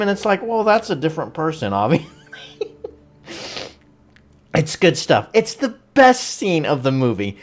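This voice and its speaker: This reviewer's medium-pitched voice swings widely in pitch at a normal speed, with faint music in the background. The spoiler-heavy recap is rambling and casual, packed with jokes and laughter.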